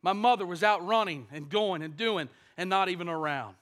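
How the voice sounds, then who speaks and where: A man's voice: sits high, normal speed, fairly bright tone. A man in his fifties from Kentucky, preaching a personal testimony with earnest storytelling and emphatic shifts in volume.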